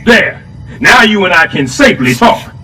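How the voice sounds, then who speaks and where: An actor voicing a blustering middle-aged building super in an animated sitcom, boastful and sarcastic. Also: male voice, high voice, normal speed, music in the background.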